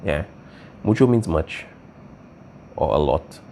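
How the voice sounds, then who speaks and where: A man's voice: rumbling low, big pitch swings, takes it slowly, dark tone, slight background noise. A man teaching a language class, explaining patiently and checking in with "all right?" as he goes. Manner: patient, repeats key points, asks "all right?" often. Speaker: Spanish teacher.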